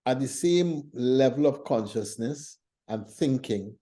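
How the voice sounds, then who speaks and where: Host for a faith talk show: a man with a deep-toned, very mellow voice who tells stories and teaches in a thoughtful, unhurried way. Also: animated. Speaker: church leader hosting a faith talk show. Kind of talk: reflective conversational teaching.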